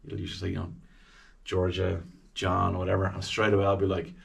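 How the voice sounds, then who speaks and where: This man from Ireland, a radio presenter, has a deep voice with vocal fry and speaks briskly. As a podcast guest he chats animatedly about interviewing celebrities, imitating quoted voices, with the mic set far away.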